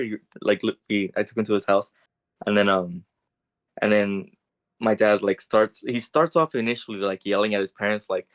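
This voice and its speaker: A young man co-hosting a casual podcast, telling a story in a rambling way and getting animated when he quotes people. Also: fairly low pitch, normal speed. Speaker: podcast co-host.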